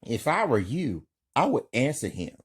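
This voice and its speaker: A man doing a quick-talking gangster sidekick. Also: mid-range voice, big pitch swings, breathy edge, voice pushed up. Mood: warning. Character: young male gangster sidekick giving advice.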